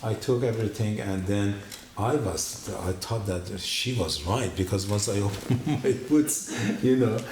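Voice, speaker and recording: A man giving his personal testimony at a church, telling his story in an animated way and acting out the dialogue. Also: fairly low pitch, measured pace, slight background noise. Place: church hall. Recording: echoey room.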